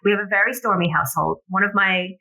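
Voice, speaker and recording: Middle-aged female guest coach; bright, lively delivery, acts out dialogue. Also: medium pitch, fast talker, gravelly, poor audio. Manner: animated storyteller acting out family dialogue. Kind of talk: casual interview chat.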